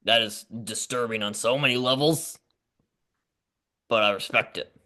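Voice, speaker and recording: A man's voice: mid-range voice, normal speed, sharp tone. A young man co-hosting a show, improvising a comedic story and often searching for words with fillers and laughs. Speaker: co-host.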